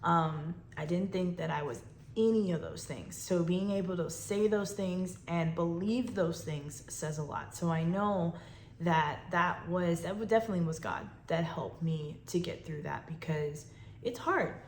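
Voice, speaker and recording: A woman's voice: on the low side, a little slow, darkish tone. A woman hosting a faith podcast, talking about personal pain, reflective and close to tears at times. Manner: emotional, fighting tears, reflective. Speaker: podcast host. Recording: echoey room with faint noise.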